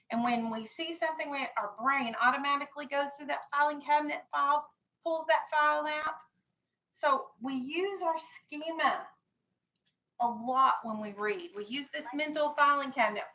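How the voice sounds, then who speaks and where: A woman's voice: high-pitched, sharp tone, rough recording. A woman teaching a classroom vocabulary lesson, firm and explanatory, stressing key words.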